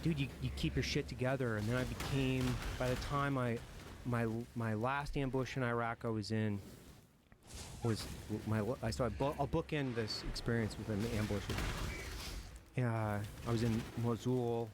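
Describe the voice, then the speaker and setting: A military veteran telling war stories in an interview, frank and profane, reflective at times and breaking into nervous laughter. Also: male voice, medium pitch, fairly even intonation, normal speed, noisy background. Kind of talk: candid war storytelling in a podcast interview.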